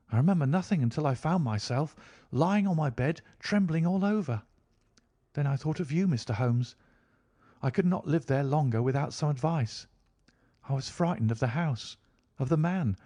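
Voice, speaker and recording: A man reading a classic mystery story aloud in a measured, even storytelling manner. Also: a little high, dry recording, clean studio sound. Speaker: audiobook narrator. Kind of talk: scripted narration of a classic story.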